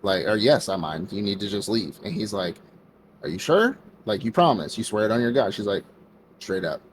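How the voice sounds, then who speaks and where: This low-voiced man speaks briskly against slight background noise. He's co-hosting a podcast and loosely recapping an anime episode, voicing the characters and peppering his talk with "like" and "bro."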